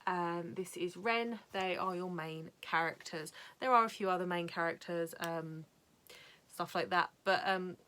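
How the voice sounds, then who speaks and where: A woman's voice: on the low side, a bit bright. A young British woman chatting casually and candidly about her anime collection, rambling with lots of fillers and the odd swear. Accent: British English. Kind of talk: casual chat.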